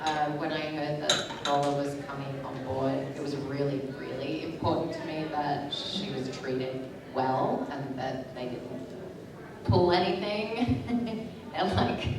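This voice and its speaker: A woman's voice: deep voice, a little slow. A woman in her thirties, an actress on a convention panel, chatting in a laughing, self-deprecating way. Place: large convention hall. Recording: echoey hall, distant mic, crowd behind.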